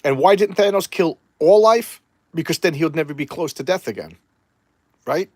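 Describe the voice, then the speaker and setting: A man's voice: a little high, animated, normal speed, a little mellow, no room sound. A man rambling through an opinionated casual review of an old comic book.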